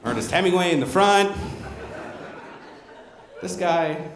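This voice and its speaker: A man's voice: high voice, animated, slow, a faint crowd. A male stand-up comedian performing a brash, profane, self-mocking set on a comedy club stage. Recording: roomy comedy club sound.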